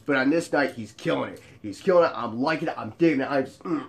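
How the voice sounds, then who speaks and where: A man spins a casual story about his bar days, animated and joking. He swears freely and keeps things loose and playful, in a mid-pitched, ordinary voice. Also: quick pace, vocal fry. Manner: animated and joking, with frequent profanity. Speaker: show host telling bar stories.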